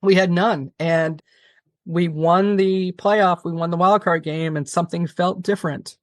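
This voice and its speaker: A woman guest on an interview podcast, telling a long story in an animated, fast-talking way, often restarting her sentences. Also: on the low side, no echo, clean studio sound. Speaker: television producer, guest.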